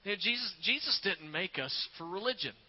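A man preaching a sermon as a pastor, earnest and repetitive, slowing down to stress his points. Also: high-pitched, lively intonation, highs cut off. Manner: earnest, repeats words, slows for emphasis.

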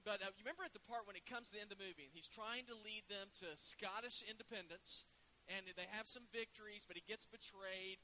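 A male pastor with a drawl delivers a sermon in an earnest, conversational way, dropping in folksy asides. His voice is very bright and sits fairly high. A faint hiss runs under the recording. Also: quick pace, low-quality recording.

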